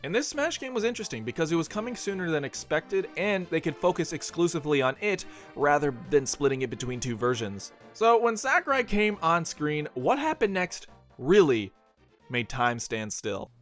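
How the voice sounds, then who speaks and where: A man's voice: fairly high pitch, big pitch swings, moderate pace, fairly bright tone, soft background music. A man giving scripted video essay narration, slipping in dry, joking asides.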